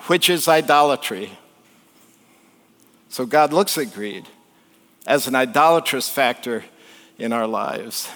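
Male pastor, sermon, conversational with jokes, slightly high voice, long church reverb. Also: fairly bright tone. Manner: conversational, joking, rhetorical questions to the congregation. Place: church sanctuary.

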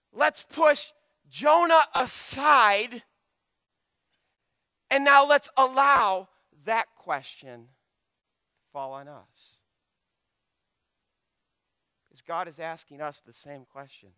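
A man preaches a sermon in a high, bright, crisp voice. He takes his time and swings between loud, impassioned pleading and quiet, hushed asides. The sound is close and dry. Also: no echo.

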